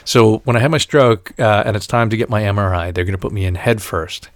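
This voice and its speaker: A middle-aged man telling stories in casual chat, profane and animated, ranting in exaggerated voices. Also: lowish voice, a little fast, dry recording, clean studio sound.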